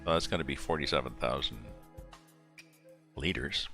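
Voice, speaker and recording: A man streaming a farming game live, chatting casually and thinking aloud as he plays, mumbling asides and working out sums slowly. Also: rumbling low, sharp tone. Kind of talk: casual live-stream commentary while playing. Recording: music playing clearly behind the voice. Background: background music.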